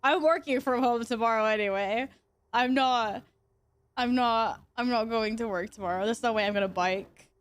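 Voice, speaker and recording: High-voiced giggly woman streamer. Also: moderate pace, clear, resonant tone, dry recording. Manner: giggly, swears a lot, exasperated banter. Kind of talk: casual livestream chat to viewers.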